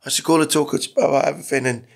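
A middle-aged Iranian man, a guest on a podcast, tells his story candidly in a casual interview, rambling and swearing often. His voice sits on the high side, creaky, with fairly even intonation and a racing pace.

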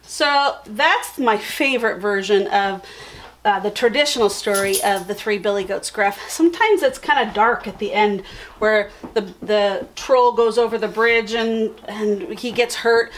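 Expressive teacher telling a story. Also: female voice, mid-range voice, a little slow, slight background noise. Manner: friendly, expressive read-aloud. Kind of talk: felt board storytelling for kids.

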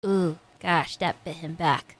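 A woman reacting to an anime, talking to the characters on screen and swinging between loud cheering and soft, sympathetic murmurs. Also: low voice, steady tone, slow pace. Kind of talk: emotional anime reaction commentary.

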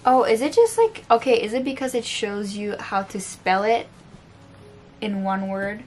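A woman speaks a little slowly in a mid-range, slightly mellow voice, with soft music behind her. She's a sleep-deprived book vlogger with a French accent, unboxing books in a home room with books on the floor, chatting casually, self-deprecating and fumbling words.

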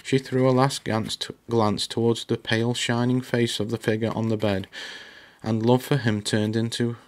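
A man reading a novel aloud in a steady, measured storytelling manner. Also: medium pitch. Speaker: audiobook reader.

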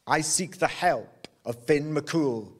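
An earnest undersea princess pleads for help in a gentle, low, hushed voice, as a male storyteller puts her on. She speaks slowly and quietly, with each plea set apart. Told live as a folk tale. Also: husky. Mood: pleading. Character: young female princess from under the sea, pleading.

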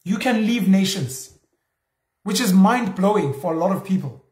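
A young South African man talks through a casual solo monologue, voice sitting fairly high for a man. He slips into little acted-out exchanges as he goes. The room around him rings with echo. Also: moderate pace. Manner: animated, acts out imagined dialogue in asides. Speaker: show host. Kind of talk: casual monologue on culture and religion.

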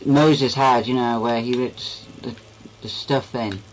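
A man's voice: medium pitch, fairly even intonation, takes it slowly, slight background noise, rough recording. A young man giving goofy, rambling commentary while playing a game. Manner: goofy, rambling, talks to himself. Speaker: gaming video creator.

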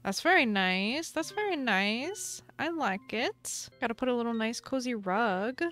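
A young woman hosting a gaming channel, chatting through gameplay in a bubbly, gushing, excitable way. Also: on the high side. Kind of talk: casual gameplay commentary.

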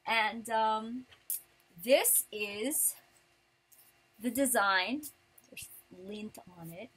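A chatty woman vlogger with a slightly high, breathy voice. She rambles through her prize haul in a casual way and breaks into animated outbursts. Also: very slow. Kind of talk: casual chat.

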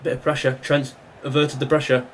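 A man's voice: mid-range voice, little pitch movement, a little fast. Exasperated man playing a football game. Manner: reactive, exasperated, talks to the game. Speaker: gaming YouTuber. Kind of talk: live gameplay commentary.

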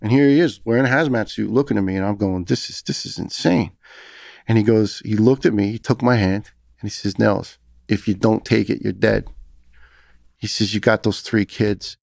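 A man's voice: lowish voice, fairly even intonation, moderate pace, gravelly, a little mellow, dry recording. A middle-aged man with a New York accent, a former firefighter recounting his ordeal in a podcast interview, earnest and emotional, often restarting his sentences. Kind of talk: conversational podcast storytelling.

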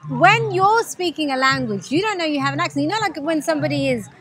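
A woman's voice: high voice, expressive, fast talker, fairly bright tone. A woman with a British accent, chatting as a guest in a casual conversation, effusive and enthusiastic.

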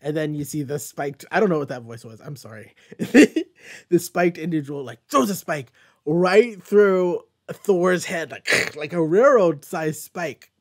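A young man casually recapping a comic book, excited and rambling, swearing freely. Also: a little high, measured pace. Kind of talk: casual chat.

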